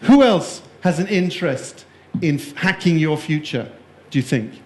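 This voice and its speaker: A man's voice: on the high side, expressive, normal speed, darkish tone. A man giving a conference keynote, jokey and playful, quizzing the live audience in the room. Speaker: keynote speaker. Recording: echoey room.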